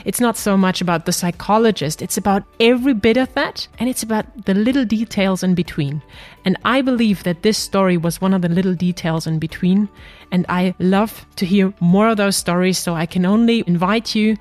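A woman's voice: medium pitch, brisk, darkish tone, soft background music. Encouraging woman podcast host. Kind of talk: conversational podcast.

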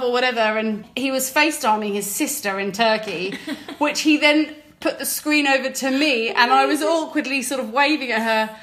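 Chatty young Englishwoman, a bit high. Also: normal speed, fairly bright tone. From England. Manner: chatty and wry, laughs often. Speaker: co-host. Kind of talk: casual chat.

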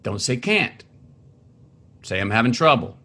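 A husky-voiced man recalls his upbringing in conversation. His pitch leaps and dips as he acts out relatives, and between quotes he stops and restarts sentences while he searches for words. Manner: halting, many restarts, animated quoting of family. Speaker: interview guest, author. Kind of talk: conversational storytelling.

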